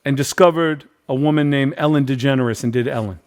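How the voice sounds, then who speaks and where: In a brisk, mid-range voice, a middle-aged man hosts a podcast and relays a lengthy story in relaxed conversation. He performs the quoted characters with energy and keeps circling back to the same phrases.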